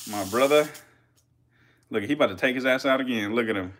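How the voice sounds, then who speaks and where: Excited man hyping up a feeding. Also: medium pitch, fairly quick, a little hiss or hum. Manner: excited, swearing, chatty with viewers. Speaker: reptile keeper streaming feedings. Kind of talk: casual live-stream commentary.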